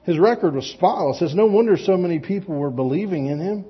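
Husky, higher-voiced man preaching casually. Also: animated, brisk, muffled recording. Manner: plain-spoken, frequent restarts and repeated words; light joking asides. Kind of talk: conversational sermon.

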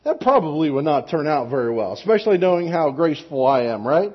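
A man's voice: fairly high pitch, very animated, quick pace, husky, muffled recording. A pastor in a church giving a casual children's sermon, asking the kids questions as he goes. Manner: casual, conversational, with rhetorical tag questions.

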